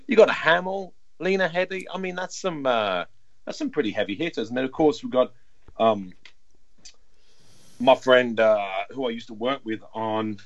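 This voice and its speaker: A man's voice: mid-range voice, moderate pace, dry recording, dull audio. A man chatting casually and enthusiastically on a podcast, rambling a little. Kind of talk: casual chat.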